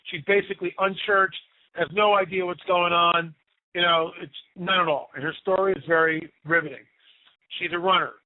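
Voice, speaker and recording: A man telling spooky stories in a casual, animated way on talk radio, often repeating himself for effect. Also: sits high, moderate pace, no echo. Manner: animated, tells spooky stories with emphatic repetition. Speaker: radio guest storyteller. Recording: tinny phone line, dry.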